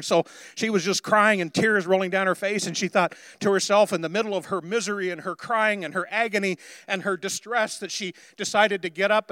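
A male pastor delivers a sermon in a high, light voice, recorded dry and close. He talks to the congregation in an easy, conversational way, then rises into emphatic, declaring preaching. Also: pushed and bright, clean tone, dry recording.

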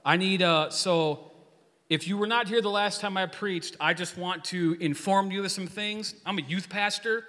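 Joking youth pastor in echoing church. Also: male voice, sits high, moderate pace. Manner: joking, energetic, rambling storyteller. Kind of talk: casual sermon with congregation call-and-response. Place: church hall. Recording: long hall reverb.

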